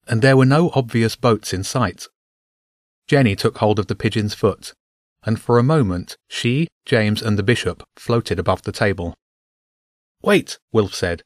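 A man narrating a children's adventure story aloud with an expressive reading. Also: lowish voice, moderate pace, no echo, studio quality.

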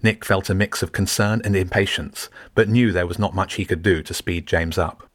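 A man reading a story aloud in steady, measured scripted narration. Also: low-pitched, no echo, studio quality. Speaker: audiobook narrator.

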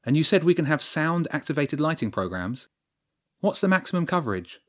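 A man's voice: a little high, big pitch swings, a little fast, a bit bright, pitched above the performer's own voice. A man voicing a curious boy who asks keen technical questions. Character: boy, curious tech enthusiast.

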